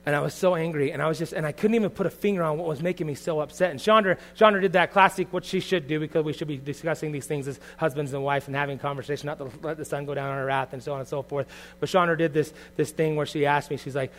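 A middle-aged man preaching a sermon as pastor, earnest and confessional, moving from quiet reflection to loud bursts. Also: on the high side, steady tone, quick pace, few pauses.

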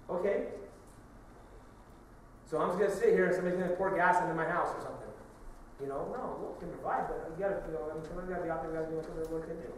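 A man's voice: a little high, fast talker, a little hiss or hum. A middle-aged man, a pastor, preaching a conversational sermon full of questions and asides. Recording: echoey church hall, from a distance.

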